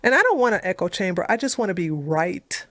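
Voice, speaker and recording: A woman's voice: mid-range voice, very animated, brisk, a bit bright, no room sound. A woman ranting on a casual political live stream, blunt, profane and mocking, who often repeats herself. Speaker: political commentator on a debate stream.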